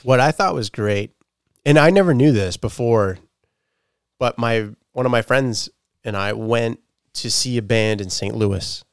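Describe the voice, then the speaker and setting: A man's voice: mid-range voice, measured pace, clear, resonant tone, dry recording, studio quality. A young man with a Boston-area accent from Massachusetts, chatting casually and profanely over beers as a podcast co-host. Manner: animated, profane, laughing storyteller.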